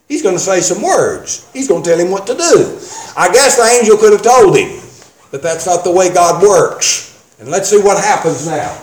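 High-voiced preacher in an echoing room. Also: male voice. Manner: emphatic, reads scripture in King James wording, asks rhetorical questions. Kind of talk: sermon with scripture reading. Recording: roomy echo.

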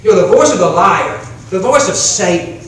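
A man preaching a sermon as pastor, with slow emphatic phrasing that drops to a hush on key lines. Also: high voice, lively intonation. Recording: echoey hall, distant mic, faint room noise.

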